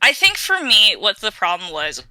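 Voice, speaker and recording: A woman's voice: medium pitch, huge pitch swings, moderate pace, sharp tone, no room sound, low-quality recording. A woman co-hosting a podcast in casual chat, rambling and outgoing, with lots of fillers and restarts. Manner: outgoing and chatty. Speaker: podcast co-host.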